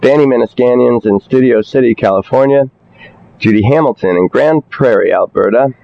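A man's voice: mid-range voice, creaky. Guy reading names off a list on the radio, lots of uhs, fixes his slips, kinda muffled sound. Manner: unhurried, with fillers and self-corrections. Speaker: co-host reading pledge drive donor names. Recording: slightly dull lo-fi broadcast audio.

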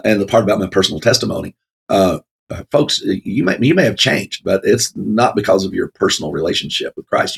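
Guy chatting about the bible, low husky voice, lots of uhs, laughs a lot. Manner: rambling, many fillers, laughs often. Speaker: co-host of a Bible talk show. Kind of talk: casual Bible discussion.

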